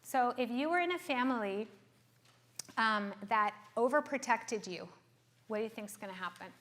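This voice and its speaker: A middle-aged woman therapist giving a lively workshop talk, acting out quoted voices and checking in with "okay?". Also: fairly high pitch, normal speed. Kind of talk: workshop talk to a live group.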